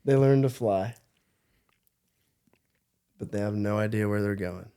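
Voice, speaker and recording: A man as a podcast guest in casual chat, easygoing and quick to laugh. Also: lowish voice, dark tone, clear, resonant tone. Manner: easygoing, laughs until crying.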